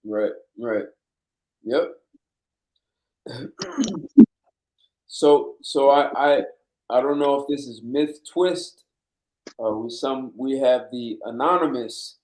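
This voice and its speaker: A man's voice: medium pitch, slow, pauses often, a little mellow, poor audio. A man hosting a casual live-stream chat show, playful and teasing with his guests. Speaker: host.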